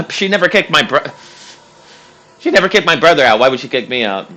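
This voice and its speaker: A man's voice: fairly high pitch, expressive, fairly quick, bright, forceful tone. Rambling, foul-mouthed young man. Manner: rambling, profane, laughing, with many fillers. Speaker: streamer. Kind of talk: casual storytelling while gaming.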